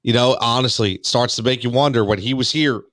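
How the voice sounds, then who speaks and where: A man's voice: mid-range voice, brisk, fairly bright tone, no echo, clean studio sound. A man co-hosting a sports talk show, often stammering and repeating words as he gets going.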